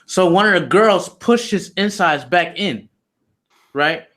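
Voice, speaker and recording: A man's voice: sits high, animated, takes it slowly, a bit bright. A man being interviewed, telling a story in loose, slangy, profane casual talk with lots of "you know". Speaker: interview guest.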